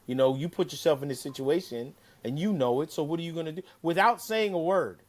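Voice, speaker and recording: A man telling a casual, animated story as a guest, cursing freely and acting out what people said. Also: fairly high pitch, fairly quick. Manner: animated, profane, acts out quotes. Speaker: caddie-turned-broadcaster guest.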